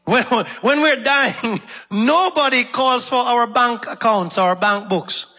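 A man who is a minister, preaching a sermon slowly and emphatically and asking the congregation questions. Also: extremely high pitch, pushed and bright. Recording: dull sound with long hall reverb.

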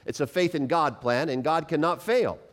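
A man preaching a sermon in a fairly high voice, emphatic and engaging. He tosses rhetorical questions to the congregation and slips into personal stories with acted-out quotes. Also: normal speed.

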